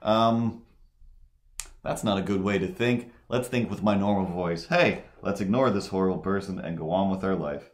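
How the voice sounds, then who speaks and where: A man's voice: deep voice, brisk, hardly any pauses. A man hosting a live drawing stream, chatting casually in a rambling way with many fillers and restarts. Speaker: livestream host.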